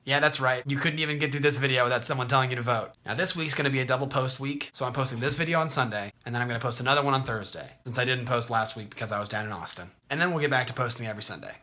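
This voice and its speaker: A man hosting an explanatory video, talking in a conversational, clear way. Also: mid-range voice, rapid-fire, few pauses, sharp tone. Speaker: host.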